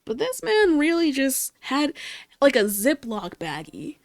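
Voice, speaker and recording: A woman's voice: sits high, huge pitch swings, measured pace, creaky, no echo. A young woman vlogger telling casual stories in a rambling, laid-back way, swearing freely and laughing often. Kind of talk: casual storytelling while crafting. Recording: faint music behind.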